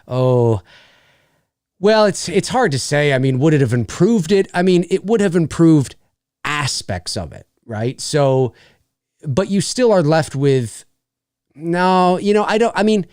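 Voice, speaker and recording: A middle-aged man hosts a loose chat and spins animated stories, full of restarts. His voice sits a little high and swings widely in pitch. The sound is close and dry. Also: a little slow, no room sound. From Canada. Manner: animated storyteller, many restarts and laughs. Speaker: host. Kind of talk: casual chat.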